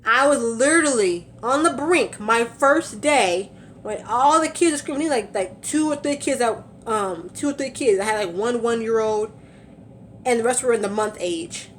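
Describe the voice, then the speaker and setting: A woman's voice: fairly high pitch, normal speed, slight background noise. A young woman vlogging from her car, chatting casually, a little out of breath, with lots of fillers and laughs. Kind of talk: casual storytelling vlog.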